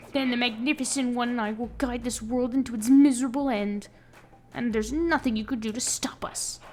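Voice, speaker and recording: A woman's voice: fairly high pitch, slight background noise, natural voice. A woman reading the lines of a smug, scheming male villain in a plain reading voice.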